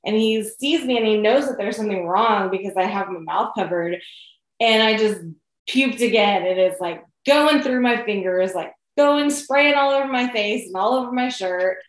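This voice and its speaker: A chatty woman in a casual storytelling style, her pitch sitting mid-range. She fills her speech with "like" and "you know". The recording has an echoey room sound. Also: normal speed.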